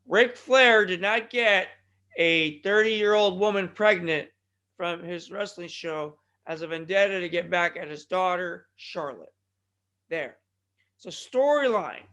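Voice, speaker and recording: A man with a high voice hosts his wrestling podcast. He rambles from one tangent to the next in casual commentary and breaks into loud, fired-up bursts. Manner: excitable, digressive, loud bursts and mock impressions.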